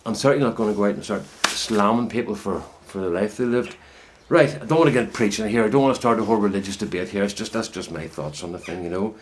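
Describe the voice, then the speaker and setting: A man's voice: lowish voice, fast, hardly any pauses, slight background noise. A middle-aged man talking casually to camera from his greenhouse, rambling and reflective as he chats about his potato growing. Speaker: home potato grower vlogger. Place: inside a greenhouse.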